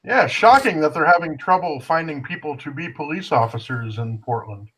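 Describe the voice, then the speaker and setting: A man's voice: on the high side, lively intonation, normal speed, fairly bright tone, slightly rough, rough recording. A man co-hosting a podcast, talking laid-back with dry remarks in casual chat. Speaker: podcast co-host.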